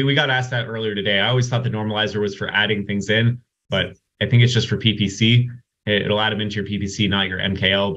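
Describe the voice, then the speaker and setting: A man hosting a casual software Q&A webinar over a video call, chatty and loose. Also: on the low side. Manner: chatty, many restarts and "like"s. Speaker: host of software Q&A. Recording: dull lo-fi call audio.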